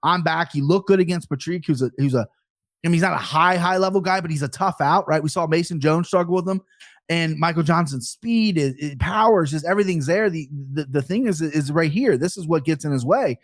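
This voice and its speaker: A fast-talking man with a fairly high voice, a betting analyst who pokes fun at himself while he runs through fight picks. The sound is close and dry, with no room around it. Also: no room sound. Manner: fast, talkative, self-mocking. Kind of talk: podcast chat, fight picks.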